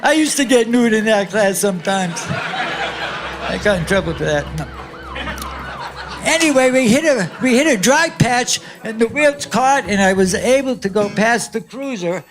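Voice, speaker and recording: Recorded live in a comedy club with crowd noise and music, an older comedian guest spins a long, meandering story full of profanity. His voice is high and animated at a measured pace, and he keeps laughing at himself.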